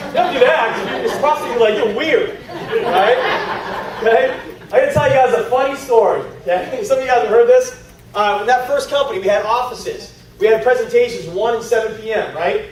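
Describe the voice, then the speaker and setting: A man giving an energetic, animated seminar talk to a room of people, acting out stories in voices. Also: sits high, slight background noise. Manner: animated storytelling with acted-out voices. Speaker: network marketing trainer. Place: large meeting room. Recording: echoey hall from far off.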